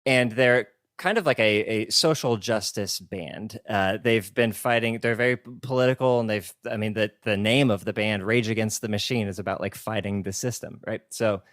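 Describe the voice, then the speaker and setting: A man's voice: on the low side, normal speed, hardly any pauses, fairly bright tone, no room sound, clean studio sound. A man in his thirties co-hosting a podcast, telling a story in a rambling, enthusiastic way. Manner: rambling, enthusiastic, restarts words. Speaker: podcast co-host. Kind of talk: casual chat.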